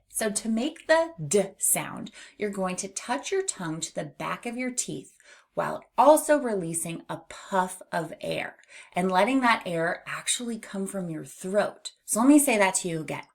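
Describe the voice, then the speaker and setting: A woman teaching a children's phonics lesson, modeling sounds slowly and clearly with playful asides. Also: on the low side, big pitch swings.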